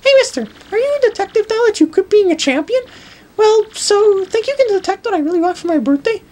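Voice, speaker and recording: A man doing a squeaky, excited little rich boy. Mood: eager. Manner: eager, rapid, squeaky.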